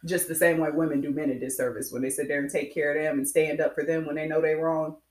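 A woman co-hosting a casual chat, frank and animated, laughing often. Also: low-pitched, quick pace, reverberant.

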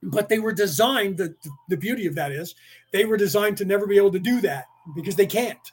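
A man speaking slowly in a rambling spiritual monologue, full of restarts and chanted incantations. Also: high-pitched, slightly rough. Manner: slow, deliberate, with many restarts and chanted incantations.

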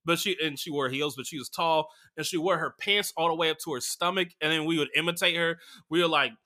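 Comedy podcast host, young man, very bright voice, slightly raised pitch, crude and animated delivery. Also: quick pace. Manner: crude, animated, full of fillers. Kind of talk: casual comedic storytelling.

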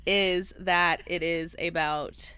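A woman's voice: lowish voice, steady tone, slow, pushed and bright, smooth, no room sound. A woman co-hosting a casual book podcast, telling crude, jokey stories with lots of laughter. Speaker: podcast co-host.

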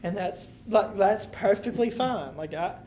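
A woman's voice: mid-range voice, animated, measured pace, dark tone, slight background noise. A woman leading a Bible study, reading scripture aloud with emphasis and then explaining it in loose, casual talk to a room of listeners.

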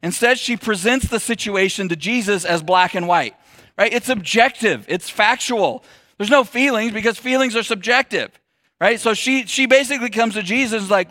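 A man's voice: high voice, expressive, normal speed, sharp tone, no room sound, clean studio sound. A middle-aged man giving a sermon in a conversational, joking way and putting questions to the audience. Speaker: pastor.

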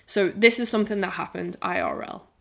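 A woman's voice: on the low side, huge pitch swings, a little fast, gravelly, fairly bright tone. Woman in her 20s, podcast co-host, candid rambling chat. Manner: candid and rambling, swears, says "like" a lot. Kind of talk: casual chat.

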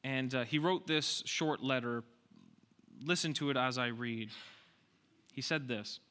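A man's voice: medium pitch, a little slow, long pauses, bright, forceful tone, clean tone. A man preaching a sermon, speaking emphatically, repeating key lines and putting rhetorical questions to his congregation.

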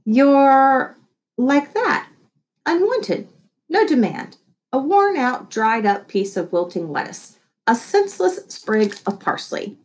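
A woman's voice: high-pitched, big pitch swings, slow pace, voice pushed up, exaggerated voice. Woman voicing a wry, level-headed boy. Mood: teasing. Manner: dry, matter-of-fact. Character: teenage boy, wry, sensible best friend. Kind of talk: audiobook character voice.

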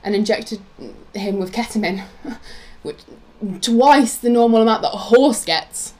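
Female co-host, soft and subdued, near tears, mid pitch, faint background noise. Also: a little slow. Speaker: podcast co-host. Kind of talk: casual conversational chat.

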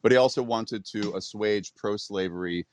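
A man co-hosting a casual podcast, reading history notes aloud in a halting way. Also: lowish voice, a little hiss or hum. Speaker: podcast co-host.

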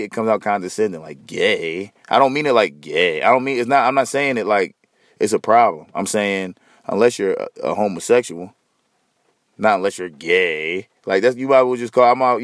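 A tired man, talking to his listeners in a loose, profane, rambling solo podcast. His voice sits fairly low and sounds sleepy. It is recorded dry and close, with hardly any room sound. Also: dry recording. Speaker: podcast host. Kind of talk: casual solo rambling monologue.

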